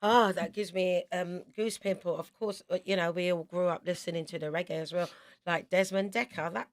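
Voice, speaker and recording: A woman in her fifties from South London with a London accent, a singer chatting as a radio interview guest and telling lively stories with quick asides. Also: lowish voice. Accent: London English. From South London, England.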